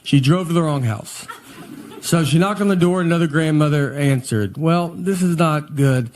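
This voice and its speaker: A man in his forties doing stand-up comedy, deadpan and self-deprecating, with an audience laughing in an echoey hall. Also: a little high, normal speed, slight background noise. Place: theater stage before an audience.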